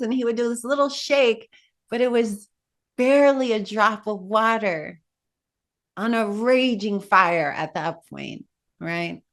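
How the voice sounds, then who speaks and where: A woman meditation teacher telling a Buddhist tale in a dharma talk, in an animated way with asides to her listeners. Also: mid-range voice.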